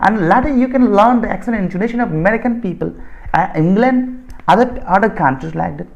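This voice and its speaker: In this recording the highs are cut off. The man's gravelly, high-sitting voice moves a little fast as he, a native Bodo speaker from Assam with an Indian accent, lectures on spoken English. His explanations are insistent and repetitive, with frequent rewording and restarted sentences.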